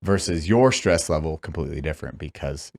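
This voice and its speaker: A man in his thirties hosting a podcast interview, telling stories loudly with laughter and swearing. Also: very deep voice, lively intonation, a little fast, gravelly. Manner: loud, laughing storytelling with swearing. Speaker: podcast host.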